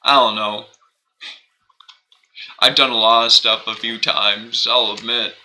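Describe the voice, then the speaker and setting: Bright-voiced rambling young male streamer. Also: mid-range voice, measured pace, slight background noise, low-quality recording. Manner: rambling, self-questioning, animated, laughs often. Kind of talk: casual live-stream chat while gaming.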